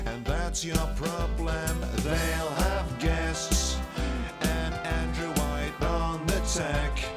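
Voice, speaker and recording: A woman singing a country-style theme song. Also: deep voice. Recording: loud music behind the singing.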